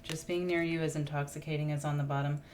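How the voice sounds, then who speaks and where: A woman's voice: low-pitched, little pitch movement, fast talker, background noise. A woman reading tarot cards in a casual, musing monologue, thinking aloud and getting emotional as she draws cards. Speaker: tarot reader.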